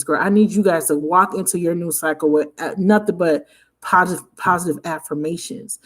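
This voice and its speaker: A woman giving a casual tarot reading to her viewers, excitable and emphatic, swearing freely as she talks straight to them. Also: lowish voice, fairly quick. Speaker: tarot reader.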